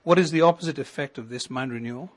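A middle-aged male pastor preaching a sermon, building to emphatic lines and then dropping to a quiet, intimate tone. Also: medium pitch, fast talker. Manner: preaching with rising emphasis and sudden soft drops.

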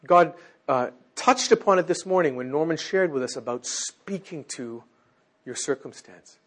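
A husky-voiced man preaching to a congregation, his voice a little higher than most men's. He talks with lively, animated pitch and swings from loud exclamations down to near-whispers. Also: normal speed. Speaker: teacher. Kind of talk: sermon.

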